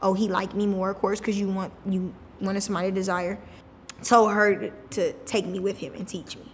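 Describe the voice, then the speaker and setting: A woman's voice: medium pitch, little pitch movement, fairly quick, a little hiss or hum. Emotional woman telling her story, reverberant. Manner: colloquial and emotional, many fillers. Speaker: interview guest sharing her story. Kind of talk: personal storytelling.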